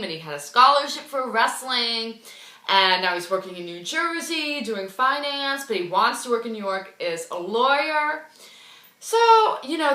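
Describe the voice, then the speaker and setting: A young woman in her twenties tells a story in a chatty, dramatic way, her voice bright and lively with big swings in pitch. She sits in a roomy, echoey space. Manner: chatty and dramatic, full of "like" and "oh my God". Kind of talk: casual storytelling. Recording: roomy echo.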